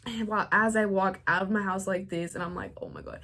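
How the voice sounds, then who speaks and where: Young woman vlogging, talks super casual, tons of "like" and slang, mid-pitched voice. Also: fairly even intonation, brisk, pushed and bright. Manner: chatty, filler-heavy slang, frequent "like". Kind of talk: casual storytelling.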